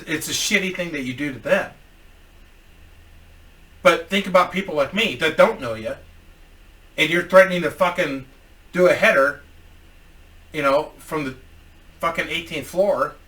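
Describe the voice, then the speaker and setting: A man's voice: fairly high pitch, animated, moderate pace, long pauses, pushed and bright, far from the mic. A man telling a story in a casual, profane, rambling vlog as a YouTuber.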